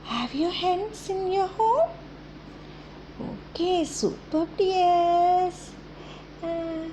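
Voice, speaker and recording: Woman, kindergarten teacher, high voice, very slow, coaxing, faint noise. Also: warm tone. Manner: slow, sing-song, coaxing, imitates animal sounds. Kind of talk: teaching young children.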